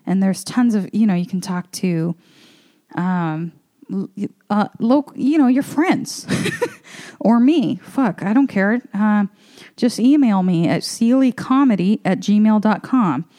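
Rambling, mellow-voiced woman talking while walking. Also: mid-range voice, slow. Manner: rambling, loose and candid, with lots of fillers and swearing. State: out of breath. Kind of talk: casual spoken monologue. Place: her apartment, walking around.

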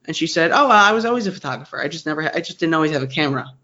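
A young man with a New York accent talks fast and high, an excitable interview guest who rambles and restarts his sentences. The audio is dull and lo-fi. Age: 20s. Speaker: guest, digital agency founder. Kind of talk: casual interview chat.

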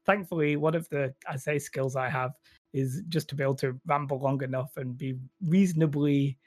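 A man's voice: mid-range voice, steady tone, moderate pace, no room sound. A man with a Northern English accent, chatting casually as a podcast guest in a rambling, self-deprecating way. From Northern England. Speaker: guest YouTuber.

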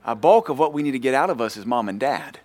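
A man's voice: mid-range voice, expressive, fast talker, darkish tone, no room sound. A man preaching a sermon as pastor in a church, emphatic and teasing, building points with rhythmic repetition.

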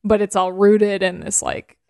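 A woman's voice: mid-range voice, measured pace. Woman co-host retelling scenes with laughs. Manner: animated retelling, laughs while talking. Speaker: podcast co-host. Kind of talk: casual chat.

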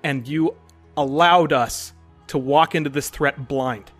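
A man's voice: a little high, slow pace, faint music behind. A man voicing his grieving, enraged character, hurling accusing questions at an officer in a tabletop game. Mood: furious.

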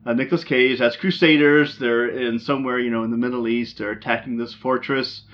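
A man's voice: medium pitch, fairly even intonation, brisk. A man hosting a casual movie chat, rambling with lots of ums and restarts. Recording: dull lo-fi sound.

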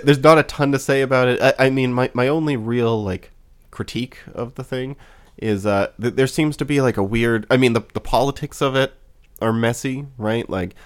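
A man co-hosting a podcast, rambling in casual chat with many fillers and wry laughs. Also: medium pitch. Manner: rambling, lots of fillers and restarts. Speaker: podcast co-host.

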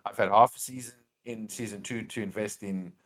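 A man's voice: lowish voice, steady tone, fairly quick. Podcast guy rambling his take, lots of ums and restarts, gets pushy when arguing. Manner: rambling, hesitant, with many fillers and restarts; opinionated and emphatic when arguing. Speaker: podcast co-host. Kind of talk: casual chat.

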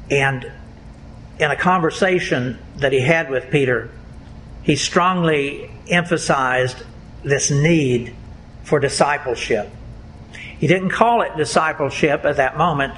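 A man preaching a sermon as pastor, in a deliberate, emphatic way. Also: medium pitch, a bit bright, slight background noise, rough recording. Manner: slow, deliberate, emphatic delivery.

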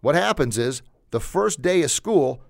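A man's voice: a little high, animated, measured pace, vocal fry, no room sound, studio quality. A man hosting a show, giving a motivational talk in an emphatic coaching tone and repeating phrases for emphasis. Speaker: podcast host.

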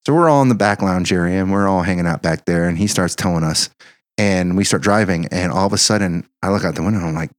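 A man's voice: deep voice, fast talker, dry recording. Profane storytelling man, dry close sound. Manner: profane, animated anecdote-telling with laughs. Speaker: band member telling tour stories. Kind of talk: casual storytelling chat.

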